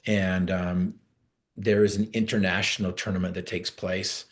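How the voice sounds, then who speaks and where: A middle-aged man from Utah delivers a motivational talk with a low-pitched voice. He tells stories with energy and hammers home short, repeated phrases. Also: level tone, moderate pace. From Utah, USA. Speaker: motivational speaker.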